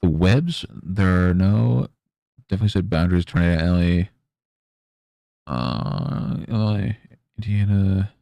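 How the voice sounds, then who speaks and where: Young male streamer, deep gravelly voice, dry close mic, rambling sarcastic chat. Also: unhurried, long pauses, mellow, dry recording. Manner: rambling, sarcastic, mocks imagined interviewers in high voices. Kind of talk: casual chat while painting.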